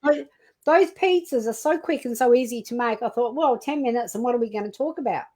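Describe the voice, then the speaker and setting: A woman's voice: on the high side, a little fast, dark tone, low-quality recording. An Australian woman hosting a live cooking stream, chatting casually, reading out viewer comments and laughing easily.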